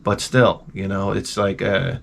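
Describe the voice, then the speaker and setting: A man's voice: sits low, level tone, measured pace, gravelly, slight background noise. A man in his forties telling stories in a rambling, profane, wry vlog monologue. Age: 40s. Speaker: vlogger. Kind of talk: casual storytelling monologue.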